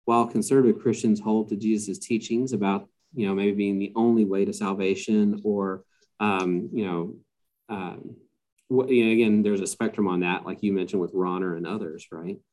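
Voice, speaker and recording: Man, podcast guest, low pitch, soft warm tone, measured and halting, lots of ums. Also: fairly even intonation. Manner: hesitant, many fillers and restarts. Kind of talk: casual podcast conversation.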